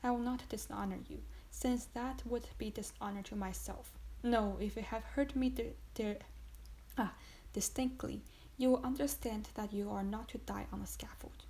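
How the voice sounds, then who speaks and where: A woman's voice: on the high side, normal speed, creaky, poor audio. A woman reading a cold, contemptuous male magistrate. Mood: stern. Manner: calm, contemptuous and relentless. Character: cold, stern male magistrate accusing his wife. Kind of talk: audiobook reading.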